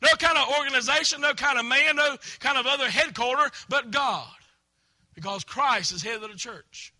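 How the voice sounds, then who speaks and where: Shouting high-pitched preacher man. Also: moderate pace. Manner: preaching with emphatic repetition and sudden shouts. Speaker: pastor. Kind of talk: shouted Baptist sermon. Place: church sanctuary.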